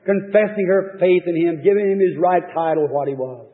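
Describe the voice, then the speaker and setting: A man preaching a fervent sermon, retelling scripture in folksy speech with swings from loud to hushed. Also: high-pitched, a little fast, hardly any pauses. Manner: fervent, rising and falling storytelling, folksy speech. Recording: tinny lo-fi old sermon tape, reverberant hall.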